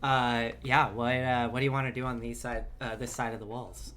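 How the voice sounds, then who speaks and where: A woman narrating a tabletop game as game master, halting with many fillers and restarts. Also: a bass voice, flat delivery, a bit bright. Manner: halting, full of ums and restarts. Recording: music bed behind.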